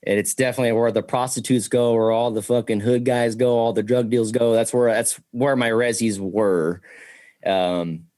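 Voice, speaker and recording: A man's voice: medium pitch, moderate pace, no room sound, studio quality. A young man, a podcast guest, telling wild stories in casual talk, swearing constantly and acting out the voices of the people in them. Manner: excitable, swears a lot, acts out voices in his stories.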